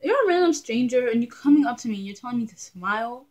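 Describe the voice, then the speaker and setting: A young adult woman talking casually to camera in her vlog, chatty and animated, often laughing. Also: a little high, quick pace. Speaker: vlogger.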